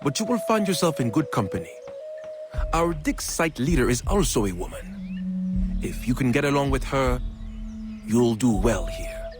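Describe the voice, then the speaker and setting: Game role: man as a silky male recruiter, slow sing-song pitch, lively rises, music bed under the voice. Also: close to an everyday voice. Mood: smoothly patronizing. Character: smooth-talking male plantation recruiter, false welcome. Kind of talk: video game dialogue.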